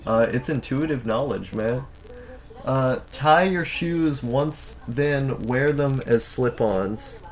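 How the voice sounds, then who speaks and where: A man's voice: mid-range voice, slow, faint music behind. A man in his twenties chatting casually on a live stream from home, reading chat aloud and rambling with lots of fillers and restarts. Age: 20s.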